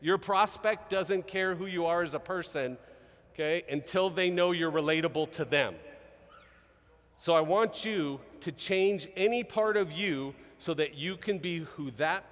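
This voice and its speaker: A man giving an energetic live seminar talk as a sales trainer, peppering his points with "okay?" and "right?". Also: on the high side, measured pace. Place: large event hall. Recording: reverberant event hall.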